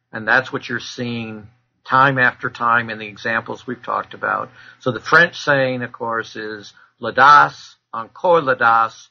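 A man as a fraud expert guest, giving measured, lecturing answers with frequent filler pauses. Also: medium pitch, bright, forceful tone, highs cut off. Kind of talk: explanatory interview answers.

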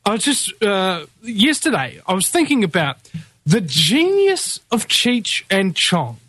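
A rambling radio host, talking in a fairly high voice full of "uh"s and restarts. The sound is very dry and close, with no room around it. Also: male voice, very animated, a little slow, a bit bright, dry recording. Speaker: radio talk show host. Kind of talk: casual live radio talk.

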